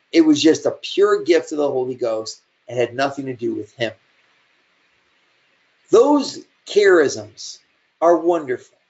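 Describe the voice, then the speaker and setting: A man preaching a sermon in a conversational, storytelling way with shifting emphasis. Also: fairly high pitch. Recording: dull lo-fi recording.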